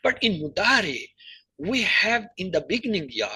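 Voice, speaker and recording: Husky-voiced male grammar teacher. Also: sits high, big pitch swings, sharp tone, rough recording. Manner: explains slowly, repeats verb forms in lists. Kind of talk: online class lecture.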